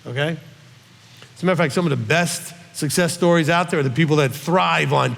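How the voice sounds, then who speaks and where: Middle-aged rabbi guy, fairly high voice, keeps going "okay?", big echoey hall. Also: brisk, vocal fry, a bit bright. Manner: emphatic, with frequent "okay?" check-ins. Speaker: rabbi teacher. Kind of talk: Q&A teaching. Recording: long hall reverb.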